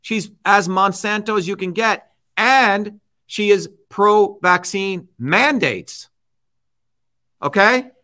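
High-pitched, heated male commentator. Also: slow, pushed and bright. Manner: angry, combative, repeats points with "okay?". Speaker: host.

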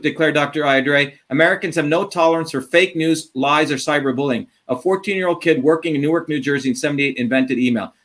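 Heated guy ranting in an interview, kinda high voice, swears a lot, speeds up and drags words out. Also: a bit bright. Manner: combative, ranting, profane, swings from fast to drawn-out. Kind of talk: impassioned interview talk.

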